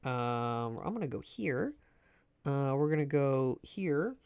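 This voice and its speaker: A man's voice: mid-range voice, expressive, slow, darkish tone, clear, resonant tone. A man streaming a game live from home at a desk mic, chatting casually with viewers, joking and laughing a lot. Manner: joking, self-deprecating, laughs often. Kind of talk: casual live-stream chat while gaming. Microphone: desk microphone.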